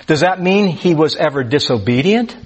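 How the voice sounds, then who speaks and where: A man's voice: fairly high pitch, expressive, moderate pace, slightly rough. A man preaching a conversational sermon to a group, often restarting his words and rising sharply on key phrases. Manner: conversational, stammers on restarts, rises on emphasis. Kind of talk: sermon teaching. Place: church or class room with listeners.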